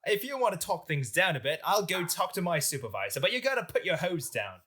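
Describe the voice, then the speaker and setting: A stiff, pompous British colonial officer barking orders from horseback, as a man puts him on in a mock accent. His delivery is bright and commanding, with plenty of swing in the pitch. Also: big pitch swings, a little fast, breathy edge, heavily acted. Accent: put-on British.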